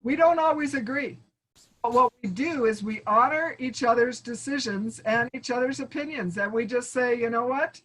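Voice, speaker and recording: A woman's voice: on the high side, moderate pace, a bit bright, rough recording. A woman giving an online training talk as a speaking coach, encouraging and calling her listeners friends, acting out sample phrases. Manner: acts out sample phrases in asides. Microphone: video call.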